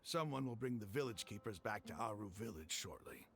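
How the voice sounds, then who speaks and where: A resolute desert faction leader in a game cutscene, with a low, gravelly voice that swings up and down. He speaks steadily and persuasively, with a faint hiss of noise beneath him. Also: animated, fairly quick, a bit bright. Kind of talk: video game voice acting.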